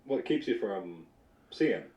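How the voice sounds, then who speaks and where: A man playing a tabletop role-playing game, asking curious questions in a lively way. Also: fairly low pitch, takes it slowly, highs cut off, a little hiss or hum. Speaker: tabletop player. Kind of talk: casual tabletop role-play. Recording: echoey, distant.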